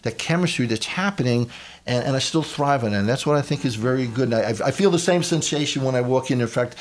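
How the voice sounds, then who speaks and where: A man's voice: medium pitch, quick pace. Stammering male radio health host. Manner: stammering, repeats words. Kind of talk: casual radio chat.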